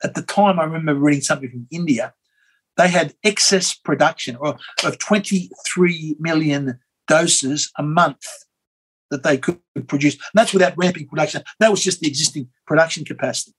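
An Australian man, a former member of parliament, telling a rambling, animated story as an interview guest, with many fillers and restarts. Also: on the high side, normal speed, breathy edge, rough recording. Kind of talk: conversational storytelling.

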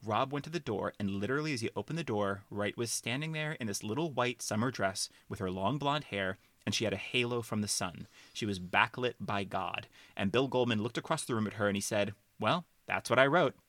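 Male host, lowish bright voice, dry close mic; animated storyteller. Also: a little fast, hardly any pauses, dry recording. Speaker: podcast host. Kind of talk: casual chat, reading quotes aloud.

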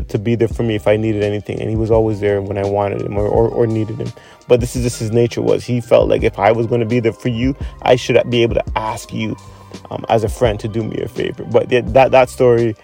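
A man's voice: medium pitch, vocal fry, warm tone. A man telling a casual story about a friend and acting out what people said in a chatty way. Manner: conversational, acts out quoted speech. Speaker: friend sharing a memorial story.

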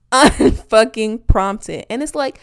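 A woman from Wisconsin riffs through a profane, animated comedic monologue. She laughs often and slips into mocking impressions of other people. Her voice sits a little high. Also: slow, clear, resonant tone.

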